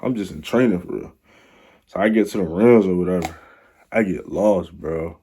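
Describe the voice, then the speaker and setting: A man's voice: deep voice, normal speed, dark tone, breathy edge. A young man telling a rambling, slang-filled story in a casual storytime vlog. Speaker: vlogger.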